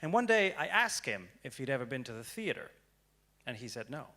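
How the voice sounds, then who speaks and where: A young man giving a prepared storytelling talk on stage, dramatic and swinging from hushed to loud. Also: mid-range voice, very animated, brisk. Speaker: speaker. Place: stage before an audience.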